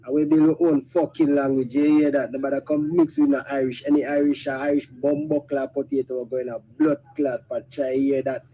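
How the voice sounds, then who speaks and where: A woman's voice: very deep voice, little pitch movement, fairly quick, few pauses, warm tone. A woman with a Jamaican accent ranting angrily in patois in a played video clip, full of insults and swearing.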